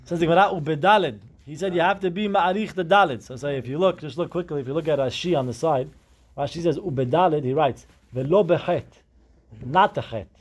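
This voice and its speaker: A man leading a Talmud class, his voice sitting a touch high for a man. He works through the text step by step, dropping Hebrew terms into his English as he explains. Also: fast talker. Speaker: Talmud teacher.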